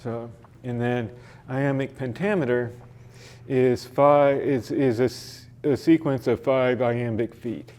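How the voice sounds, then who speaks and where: A man teaching a poetry workshop in a library, hesitating often with fillers and restarts, and reading verse aloud slowly with the stresses marked. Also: mid-range voice, steady tone, darkish tone. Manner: reads verse slowly, marking stressed syllables.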